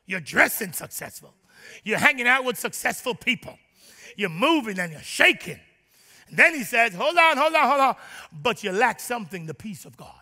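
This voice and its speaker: A man preaching in a high, piercing, sharply bright voice. He acts out his listeners' prayers and swings from shouted declarations to hushed asides. The sermon rings with long reverb from a large hall. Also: sing-song, normal speed. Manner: shifts between loud declarations and near-whispers. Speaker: pastor.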